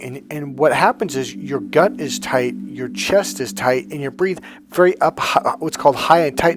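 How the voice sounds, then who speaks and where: A man's voice: mid-range voice, normal speed, hardly any pauses. A middle-aged man coaching in a casual monologue, rambling and correcting himself as he goes, acting out breaths and sighs.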